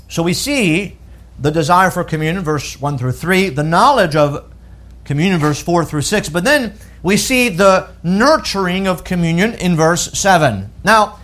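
A man's voice: a little high, fairly bright tone. A man preaching a sermon, emphatic, often rising in force as he stresses a point and reading scripture aloud. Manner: reads scripture in old-fashioned wording.

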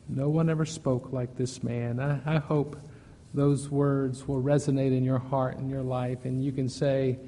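A man preaching a sermon to his church, earnest, moving from loud emphasis to soft pleading. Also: mid-range voice, flat delivery, unhurried, big-room sound. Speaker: pastor.

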